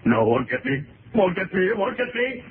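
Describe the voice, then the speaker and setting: A desperate gasping fugitive, wildly swinging voice, slow halting lines, old radio play, tinny with hiss. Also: male voice, mid-range voice, lively intonation, creaky. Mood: panicked. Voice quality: breathless, gasping, desperate cries. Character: panicked man fleeing a monster spider, injured. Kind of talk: old radio drama acting.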